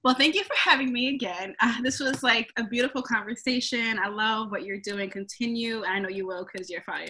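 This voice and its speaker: A young adult woman, a comedian guest on a podcast, telling stories in a casual, animated way, acting out quotes and laughing often. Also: on the high side, fairly quick, few pauses. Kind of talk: casual chat.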